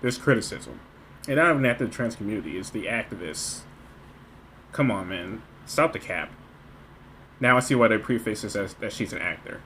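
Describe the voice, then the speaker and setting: Guy doing a vtuber reaction, sarcastic and mocking, pitch jumps all over, faint hiss behind. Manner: mocking, exclamatory, animated.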